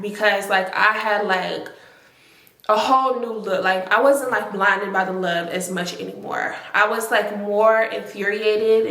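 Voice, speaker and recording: A woman's voice: mid-range voice, fairly bright tone. A young adult woman telling a personal story to her viewers in casual storytime narration, chatty and filled with "like". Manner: chatty, talks to viewers directly, heavy filler use. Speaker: storytime vlogger. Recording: echoey room.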